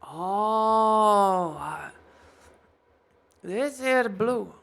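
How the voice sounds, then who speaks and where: A woman voicing a cheerful female dwarf blacksmith with a loud, chirpy manner and a put-on accent. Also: mid-range voice, lively intonation, very slow, gravelly, voice pushed up, heavily acted. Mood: helpful. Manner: loud, chirpy, attempts an Australian-style accent.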